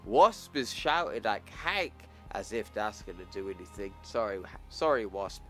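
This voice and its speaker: A man's voice: on the low side, lively intonation, moderate pace, soft background music. A man casually recapping a comic book, talking in slang with some swearing. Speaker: YouTuber.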